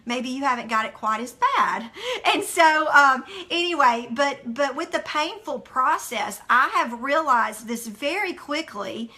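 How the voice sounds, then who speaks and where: Middle-aged woman, devotional speaker, chatty storyteller with a bright, ringing tone. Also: high voice, measured pace. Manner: animated storyteller, chatty with many fillers. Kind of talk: casual devotional talk.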